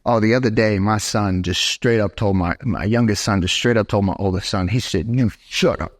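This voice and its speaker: A young man preaching a sermon as pastor in a church, animated and talking straight to his congregation. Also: fairly low pitch, a little fast. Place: church sanctuary.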